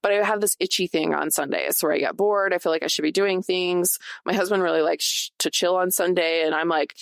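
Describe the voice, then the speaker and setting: A woman with a somewhat low voice hosts a solo podcast, talking casually and directly to her listeners. She drifts between chatting and reading from her notes. The sound is dry and close, with no room echo. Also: steady tone, brisk, vocal fry, few pauses, clear, resonant tone. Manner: chatty, addresses listeners directly, laughs often. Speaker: podcast host.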